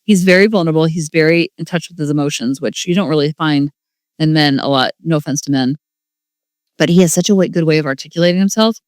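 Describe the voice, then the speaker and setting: A woman's voice: sits low, quick pace, a little mellow, no room sound, studio quality. A woman in her forties hosting a podcast, talking in a casual, rambling, gushing way and filling her speech with "like.". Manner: rambling and gushing, heavy use of "like". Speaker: podcast host. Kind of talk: casual solo podcast monologue.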